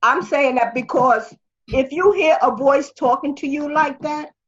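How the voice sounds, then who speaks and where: An older woman talking as an interview guest, with a husky, strained voice and a rambling way of talking full of restarts. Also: sits high, a little slow, a bit bright, lo-fi sound. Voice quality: husky, strained voice after throat surgery. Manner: rambling, with many restarts and fillers. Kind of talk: conversational interview.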